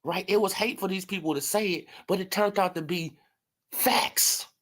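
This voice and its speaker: A man with a somewhat high voice hosts a loose sports commentary stream. He jokes and mocks, swears freely and breaks into laughter. He talks back to his chat as he goes. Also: fairly quick. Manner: mocking, profane, laughs often, replies to chat. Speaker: boxing commentary host. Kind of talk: casual livestream sports commentary.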